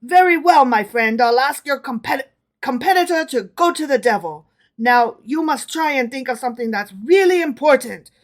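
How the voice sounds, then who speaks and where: A proud, impatient emperor barks out his orders, as a woman voices him while reading aloud. The voice sits high and loud, scornful and commanding. A faint French flavor is put on. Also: lively intonation, moderate pace. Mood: disdainful. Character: imperious proud male emperor, impatient and disdainful.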